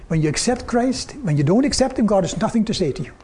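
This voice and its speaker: An older man preaching a sermon, telling personal stories earnestly and quoting others in a softer, lower tone. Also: lively intonation, quick pace, slight background noise. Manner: earnest storytelling, quoting God and people in softer lower tones.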